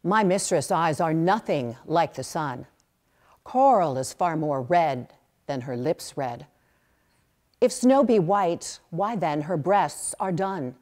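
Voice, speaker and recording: A woman reciting as a wry, fond lover who mocks ideal beauty in a Shakespeare sonnet. The voice sits a little low and moves at an unhurried pace, each line measured. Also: expressive, a little mellow.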